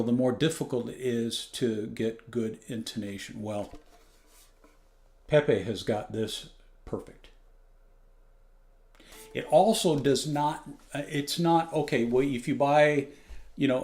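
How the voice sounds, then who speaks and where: A man of middle pitch talks through a ukulele review in a loose, unscripted way. He rambles, restarts his sentences and gets keen about what he hears. Ukulele plucking sounds behind him. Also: a little mellow. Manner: rambling, self-correcting, enthusiastic. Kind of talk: casual spoken product review. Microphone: external phone microphone.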